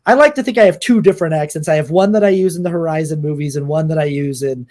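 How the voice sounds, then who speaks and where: A young man with a high voice co-hosts a casual movie podcast. He talks in a chatty way, often restarting his sentences. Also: fast, a little mellow. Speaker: podcast co-host. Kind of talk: casual film discussion.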